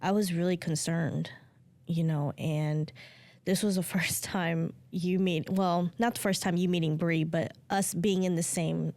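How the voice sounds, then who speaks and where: Woman guest, gentle and supportive, kinda low voice, casual heart to heart. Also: fairly even intonation, measured pace, dry recording. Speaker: guest, best friend.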